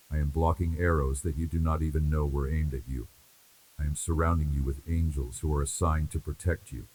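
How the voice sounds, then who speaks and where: A man delivering a scripted devotional message in God's voice, in a measured, repetitive and reassuring cadence. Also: extremely low pitch, dark tone, slight background noise, poor audio. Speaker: devotional speaker.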